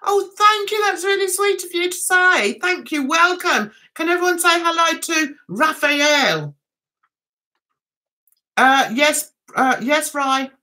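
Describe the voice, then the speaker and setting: A woman's voice: very high voice, slow pace, sharp tone. A woman from England hosting a casual livestream chat, reading out viewer comments and giggling often. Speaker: livestream host.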